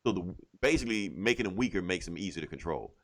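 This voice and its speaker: In casual comic book review chat, this podcast co-host retells a comic plot with animation, voicing the characters and cursing a lot. He's a fast talker with a low-pitched, expressive, slightly bright voice.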